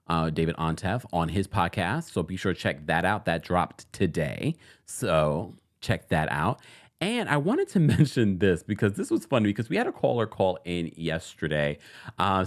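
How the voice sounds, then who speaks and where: A man hosts a live online show, talking casually to his viewers. He laughs often, and his pitch swings widely as he talks. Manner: laughs often, lively, playful. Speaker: host. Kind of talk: live-stream chat.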